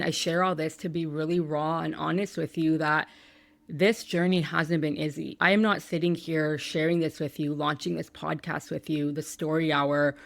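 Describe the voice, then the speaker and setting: A woman's voice: low voice, gravelly, dry recording. A woman podcast host in her thirties telling a painful personal story, candid and emotional, with some swearing.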